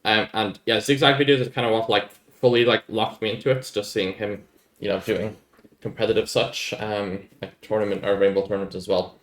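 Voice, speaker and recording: A young man talks his way through viewer questions in a relaxed, rambling manner. His voice sits a little on the low side, and he sounds easily amused. The recording carries a noticeable echo from the room around him. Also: brisk. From Ireland. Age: young adult. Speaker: YouTuber answering viewer questions. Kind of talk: casual Q&A chat. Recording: echoey room.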